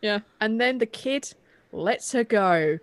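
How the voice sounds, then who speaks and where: A woman's voice: fairly high pitch, expressive, takes it slowly, smooth, no room sound. A chatty woman co-hosts a casual TV recap, her talk full of "like" and "um" and the odd casual swear. Her voice is close and dry, with no room sound around it. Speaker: podcast co-host.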